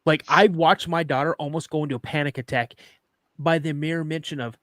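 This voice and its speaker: A man's voice: on the high side, fairly even intonation, a little fast, a bit bright, no room sound, studio quality. A middle-aged man hosting a podcast, chatting casually with rambling jokes and reading a listener's story aloud. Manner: rambling, joking, restarts sentences. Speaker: podcast host.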